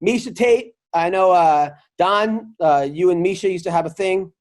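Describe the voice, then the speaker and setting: A man from New York hosting a podcast, telling swear-laden stories about comedy gigs in a casual, animated way. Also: high-pitched, normal speed. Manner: swears freely, animated storyteller who acts out the people in his anecdotes. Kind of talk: casual storytelling chat.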